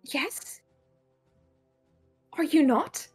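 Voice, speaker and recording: A woman's voice: high-pitched, expressive, drawn-out words, darkish tone, faint music behind, voice pushed up, full character voice. A woman voicing Marjorie, a determined adventurer, in a put-on British accent and an urgent, insistent manner.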